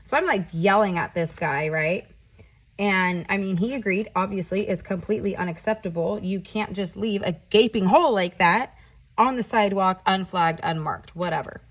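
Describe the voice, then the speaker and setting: A woman vlogger chatting casually while doing her nails, telling a story in an animated, ranting way and swearing often. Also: medium pitch, normal speed. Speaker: nail art vlogger.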